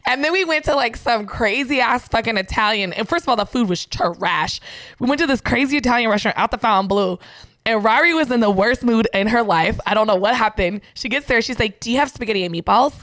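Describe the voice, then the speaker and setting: A woman's voice: on the high side, brisk, a bit bright, no room sound. A young woman in casual chat, telling stories animatedly, swearing freely and laughing often. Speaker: friend in a podcast chat.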